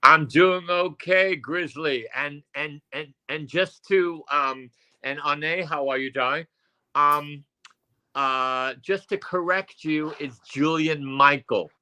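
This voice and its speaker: An older man co-hosting as a psychic medium, talking at home in a rambling, halting way with many fillers and restarts. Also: fairly high pitch, bright, forceful tone, clean tone. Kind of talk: casual chat.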